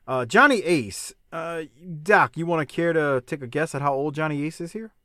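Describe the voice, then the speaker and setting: A man's voice: fairly high pitch, moderate pace, dry recording, studio quality. A middle-aged man co-hosting a podcast, chatting casually about old wrestling and laughing a lot. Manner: animated, laughing, says "bruh" a lot. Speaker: podcast co-host. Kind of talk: casual banter reviewing wrestling.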